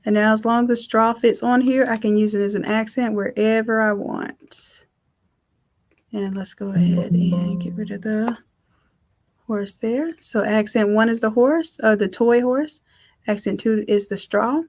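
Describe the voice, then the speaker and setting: A woman's voice: a little high, steady tone, a little slow, a little mellow. Chatty woman teaching a design class. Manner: chatty, upbeat, thinks aloud. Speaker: design instructor. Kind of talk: live software tutorial.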